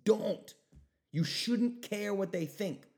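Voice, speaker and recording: A young man hosting his own podcast, ranting emphatically and swinging between loud outbursts and quieter asides. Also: high-pitched, takes it slowly. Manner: animated, emphatic ranting with mocking voices. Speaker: podcast host. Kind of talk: solo podcast rant.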